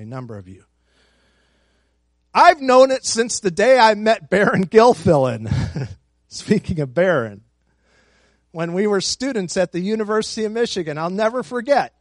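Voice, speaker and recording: A man's voice: high voice, dry recording. A man preaching a sermon as pastor, emphatic, repeating phrases and building force.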